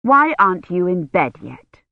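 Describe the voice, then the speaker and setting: An audiobook reader voicing a brisk, commanding woman doctor, in a dull, dry recording. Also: mid-range voice, very animated, vocal fry, no room sound.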